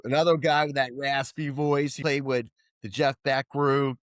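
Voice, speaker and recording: A man's voice: mid-range voice, flat delivery, normal speed, no room sound. Middle-aged man, dry rambling podcast chat. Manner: rambling, enthusiastic, many restarts. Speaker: podcast co-host. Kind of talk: casual rock music chat.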